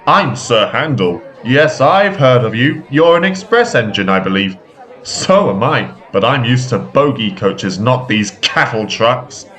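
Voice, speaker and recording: A man's voice: medium pitch, lively intonation, a little slow, a bit bright, a faint crowd. A man voicing a haughty, grumpy male narrow-gauge engine who talks in a sulky, snooty way, with music behind.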